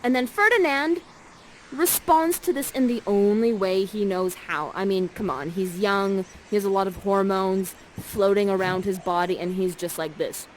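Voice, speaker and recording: A woman's voice: mid-range voice, normal speed, a little hiss or hum, poor audio. A woman acting as guide, directing participants through an interactive theater scene in an upbeat, theatrical way. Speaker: actor guiding participants through an interactive show.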